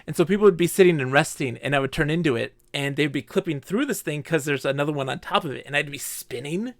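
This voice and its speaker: A man live-streaming a game, chatting casually with viewers and telling animated stories. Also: on the high side, fast talker, no room sound. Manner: animated storytelling, acts out quoted players. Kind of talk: casual live-stream chat while gaming.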